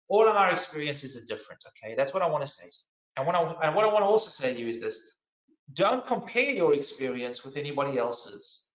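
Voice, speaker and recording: A man preaching a sermon, telling his story in an animated way and swinging between loud and hushed delivery. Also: sits high. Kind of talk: sermon testimony. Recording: echoey, dull lo-fi sound.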